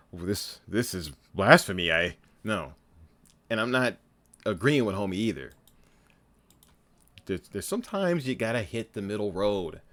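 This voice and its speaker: A low-voiced man gives loose reaction commentary on a stream. His pitch swings widely as he riffs, swears freely and breaks into laughter.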